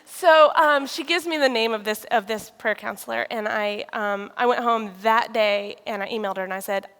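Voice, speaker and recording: A woman giving a personal testimony, telling her story in a lively way and acting out conversations. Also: on the high side, moderate pace, few pauses, clean tone. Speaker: speaker sharing a personal testimony. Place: church sanctuary. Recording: reverberant hall.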